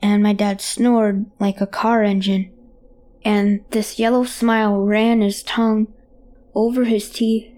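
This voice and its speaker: A woman's voice: mid-range voice, flat delivery, takes it slowly, dark tone. A woman reading a horror story aloud in a child's hesitant first-person voice. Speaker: narrator. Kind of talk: scripted horror narration.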